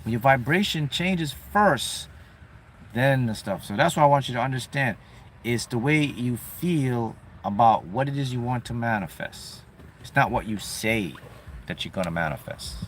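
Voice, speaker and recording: A man giving a motivational talk on manifesting, acting out his clients' voices with lively energy. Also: medium pitch, normal speed, a little hiss or hum. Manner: animated, acts out clients' voices. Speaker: manifestation coach.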